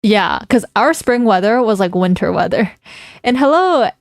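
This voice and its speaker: A woman's voice: medium pitch, lively intonation, normal speed, no echo. Young woman streamer, teasing, laughs a lot, mid voice, close and dry. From Canada. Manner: playful, teasing, laughs often while reading chat. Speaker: livestreamer. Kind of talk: casual livestream chat.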